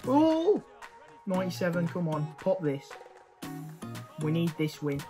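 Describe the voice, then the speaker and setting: Excitable man commentating gameplay. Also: fairly high pitch, normal speed, over music. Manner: excitable, swears and cheers at the game. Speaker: gaming YouTuber.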